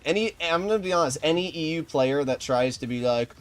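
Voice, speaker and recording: Young male streamer, brash and excitable live commentary over faint background music. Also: fairly high pitch, fairly quick. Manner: excitable, boastful, bursts of loud exclamations.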